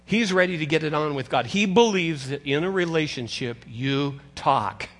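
An older man preaching a sermon as pastor, conversational and animated, teasing his congregation. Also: on the high side, normal speed.

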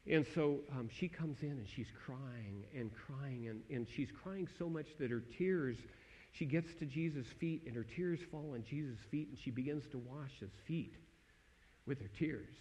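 A man giving an earnest personal testimony sermon, dropping to a hushed tone when he quotes his own thoughts. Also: medium pitch, measured pace, rough recording.

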